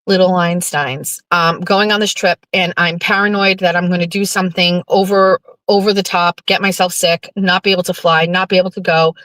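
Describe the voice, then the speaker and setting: A talkative woman, rambling freely and swearing often as she hosts her own show. Her voice sits on the lower side and the sound is dry and close, with no room around it. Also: flat delivery, fairly quick, few pauses, a bit bright, no echo. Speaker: host. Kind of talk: casual chat reading viewer comments.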